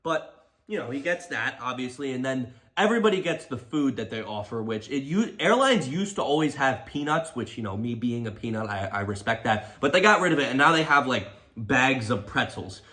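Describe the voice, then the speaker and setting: A young man telling a comedic storytime rant in an animated, exaggerated, mocking way. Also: medium pitch, moderate pace. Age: young adult. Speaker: comedy YouTuber.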